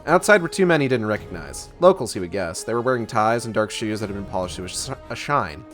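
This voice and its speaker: A man reading a novel aloud on a livestream, casual and pausing to correct his own misreads. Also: on the low side, animated, fairly bright tone, soft background music. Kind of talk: book club reading on a livestream.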